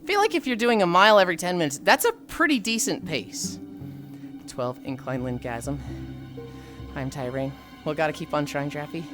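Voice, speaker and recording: A woman's voice: deep voice, animated, normal speed. A woman streamer chatting casually, thinking aloud with frequent sighs and reading chat aloud. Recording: faint music behind.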